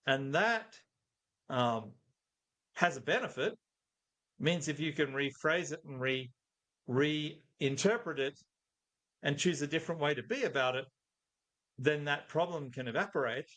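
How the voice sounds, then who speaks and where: A man's voice: on the high side, unhurried, long pauses, a bit bright. A middle-aged man, a guest in an interview, talking thoughtfully and telling anecdotes. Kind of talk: conversational interview.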